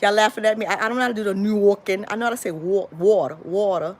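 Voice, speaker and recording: A woman's voice: medium pitch, rapid-fire. Rambling woman telling a story. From Florida. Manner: rambling, lively, addresses viewers as y'all, frequent restarts. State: tired. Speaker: vlogger. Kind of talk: casual storytime chat to viewers.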